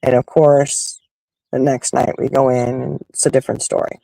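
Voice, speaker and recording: A man's voice: medium pitch, flat delivery, moderate pace, vocal fry, warm tone, dry recording, low-quality recording. A man hosting a show, talking candidly and at length about personal growth, frank and emphatic, thinking aloud as he goes. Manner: rambling, emphatic, frank with occasional swearing; thinks aloud with many fillers and restarts. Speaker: host.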